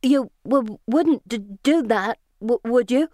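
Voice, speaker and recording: A woman's voice: a little high, a little slow, darkish tone, dry recording, clean studio sound, pitched above the performer's own voice, natural voice. A woman reading as a timid, stammering Victorian schoolgirl. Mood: anxious. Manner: stammering, anxious.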